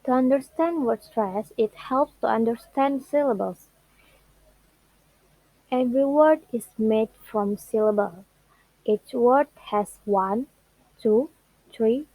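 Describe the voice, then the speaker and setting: For a class presentation, a young student who speaks Indonesian natively explains what she learned about English word stress, slowly and haltingly, drawing out the example words. Her voice is mellow and on the high side, recorded dry and in poor quality.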